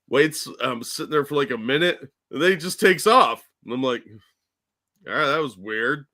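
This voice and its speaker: A man's voice: a little high, bright, forceful tone. A man co-hosting a podcast, telling a rambling, self-deprecating story in casual chat. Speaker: co-host.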